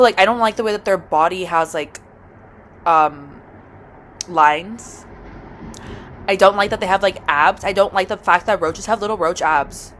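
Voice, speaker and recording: A woman vlogger telling a storytime rant, dramatic and swearing constantly, swinging from loud outbursts to low mutters.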